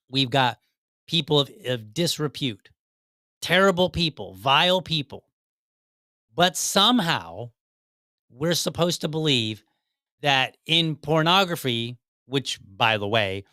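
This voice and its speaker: A man's voice: a little high, sharp tone, smooth, dry recording, studio quality. Argumentative man hosting a podcast. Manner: direct, argumentative, repeats phrases. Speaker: podcast host. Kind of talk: commentary on a played clip.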